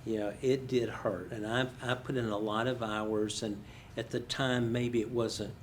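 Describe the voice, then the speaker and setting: Older man telling lively stories. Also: medium pitch, a little slow, slight background noise. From United States. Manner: storytelling, animated, self-deprecating humor. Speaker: guest speaker. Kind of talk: career conversation with students.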